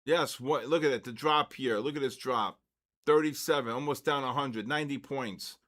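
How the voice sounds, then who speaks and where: A man's voice: medium pitch, normal speed. Older man telling stories, trading live. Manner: storytelling, then loud excited market calls. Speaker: trading session host. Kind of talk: live trading stream chat and storytelling.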